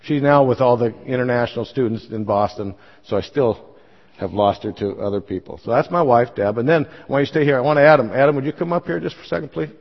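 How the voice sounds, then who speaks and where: A man's voice: medium pitch, fast. A man in his fifties, a pastor telling his own story in church, folksy and self-deprecating with many fillers. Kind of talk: church talk with personal testimony. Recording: dull sound, long church reverb.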